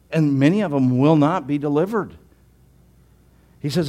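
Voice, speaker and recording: A man preaching a sermon as pastor, earnest and emphatic, often restarting words and swinging between raised and hushed delivery. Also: medium pitch.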